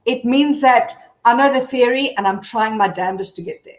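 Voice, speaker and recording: A woman's voice: on the high side, fairly quick. A woman blogger as a guest on a casual live video chat, talking candidly in a rambling way with many fillers. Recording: echoey room.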